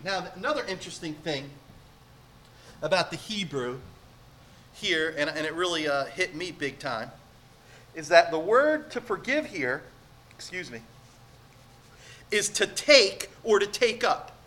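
A man's voice: fairly high pitch, expressive, unhurried, long pauses, sharp tone. A man preaching a sermon to a congregation, earnest and emphatic, asking the room rhetorical questions. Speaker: pastor.

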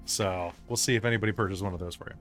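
A man's voice: low-pitched, racing, a bit bright. Guy running a tabletop game, rambly, keeps restarting, music playing under. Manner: rambling, full of restarts and fillers. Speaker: game master.

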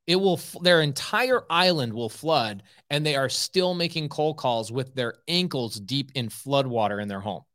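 A man's voice: medium pitch, animated, normal speed, few pauses, fairly bright tone. Blunt, emphatic man hosting a podcast. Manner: emphatic, blunt, repeats points for force. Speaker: podcast host and real estate coach. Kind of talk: casual live podcast talk.

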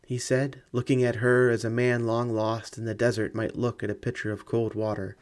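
A man giving measured, dramatic scripted narration of a ghost story audiobook. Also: medium pitch, flat delivery.

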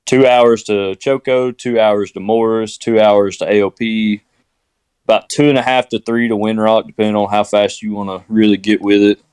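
A man's voice: on the low side, level tone, normal speed, a little mellow, clean tone, no room sound. A man with a Southern US accent, rambling and laid-back as a guest in casual podcast chat.

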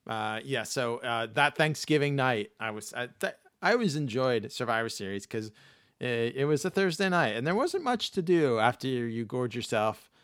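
A man's voice: mid-range voice, very animated, moderate pace, clear, resonant tone, no echo, clean studio sound. A man co-hosting a podcast, chatting casually in a rambling, profane way. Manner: profane, rambling, slips into loud mock Boston voices. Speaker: podcast co-host. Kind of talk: casual chat.

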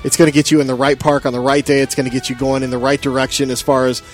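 A man's voice: medium pitch, flat delivery, racing, soft background music. A man hosting a podcast in casual chat, laughing at himself as he trips over his words and reads sponsor spots. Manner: laughing, self-mocking, tripping over words. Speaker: podcast host.

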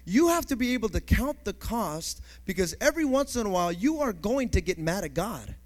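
A male pastor preaching a sermon emphatically, building to shouts and calling for responses from the congregation. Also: high-pitched, big pitch swings, a little fast.

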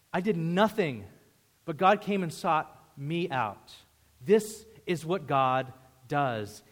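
A man preaching a sermon as pastor, emphatic and storytelling, swinging between loud declarations and hushed asides. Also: fairly high pitch. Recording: reverberant hall sound.

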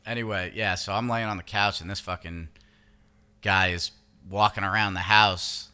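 A man's voice: low-pitched, steady tone, moderate pace, sharp tone, clean tone. A man co-hosting a podcast, talking in crude, laughing banter among friends. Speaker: podcast co-host. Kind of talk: casual chat.

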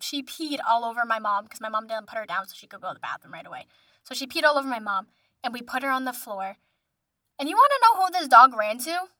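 A young woman and musician telling a storytime vlog in a chatty, animated way, with lots of filler words. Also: sits high, no room sound, studio quality. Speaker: vlogger, musician.

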